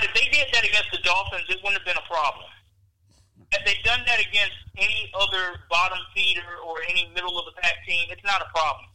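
A man calling in by phone to a sports talk show, giving emphatic, measured opinions. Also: high-pitched, sharp tone, rough recording. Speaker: caller. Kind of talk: sports commentary. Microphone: phone call.

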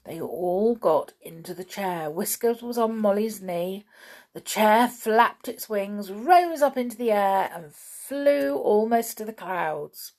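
A woman reading a children's story aloud in a gentle, expressive way. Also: medium pitch, slow pace.

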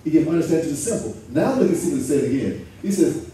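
Pastor, male, high but mellow tone, easygoing preaching, picked up from afar in a roomy church. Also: sing-song. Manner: conversational preaching, reads scripture slowly. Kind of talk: sermon. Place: church sanctuary. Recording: echoey room from far off, faint ambience.

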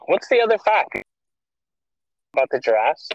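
A young man banters on a podcast, answering his friend with dry, teasing comebacks. His voice sits at an ordinary pitch, with slightly dull, muffled audio and a dry, close sound. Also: expressive, normal speed, dry recording. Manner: teasing, matter-of-fact comebacks. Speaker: podcast co-host. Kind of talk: casual chat.

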